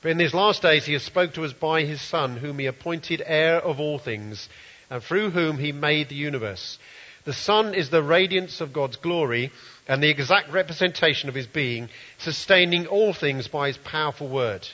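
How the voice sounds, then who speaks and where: Bright-voiced male preacher in a hall. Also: fairly high pitch, moderate pace. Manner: earnest, reads scripture aloud and comments. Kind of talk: sermon. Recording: dull, roomy hall sound.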